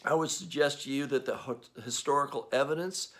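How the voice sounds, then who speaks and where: A man's voice: mid-range voice, fairly quick, a bit bright. Conversational Australian male pastor preaching. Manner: conversational preaching with frequent uh fillers, acts out quoted voices. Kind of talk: sermon.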